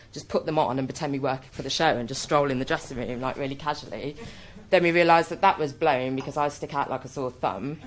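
A woman telling a comic personal anecdote in an animated, self-mocking way. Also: extremely low pitch, a little hiss or hum. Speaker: storyteller.

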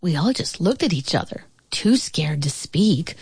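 A woman reading a children's story aloud in an expressive, animated way. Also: fairly low pitch, a little slow, vocal fry, few pauses, husky, dry recording, studio quality.

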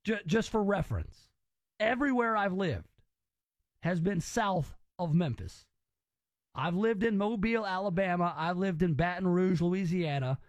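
High-voiced opinionated man. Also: lively intonation, measured pace, no echo. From Southern US. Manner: opinionated and rambling. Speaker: podcast host. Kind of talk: casual chat.

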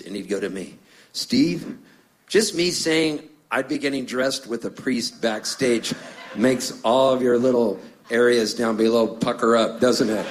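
A middle-aged Canadian singer-songwriter tells stories between songs on stage, chatty and jokey, acting out the voices of people in his tales. His voice is medium-pitched, with a little hiss or hum in the recording.

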